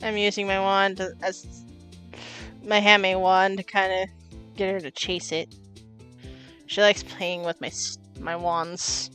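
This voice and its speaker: A woman's voice: medium pitch, level tone, a little slow, pauses often, fairly bright tone, faint music behind. A young woman streaming a game, playful and chatty, talking to her cat between lines. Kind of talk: casual game stream chat.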